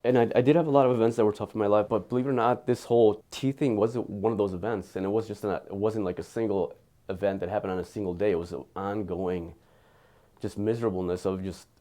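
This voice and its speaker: A man giving an earnest, candid patient testimonial, halting and often repeating his words. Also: fairly low pitch, warm tone.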